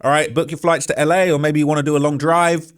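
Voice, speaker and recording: A man's voice: fairly high pitch, little pitch movement, quick pace, clean tone. A man hosting a true-crime commentary show, ranting with heated sarcasm and reading out online comments. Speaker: host.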